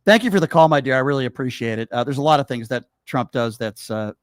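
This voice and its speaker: A man hosting a call-in talk show, energetic and chummy, laughing often with his callers. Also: medium pitch, quick pace, no echo. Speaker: radio talk show host.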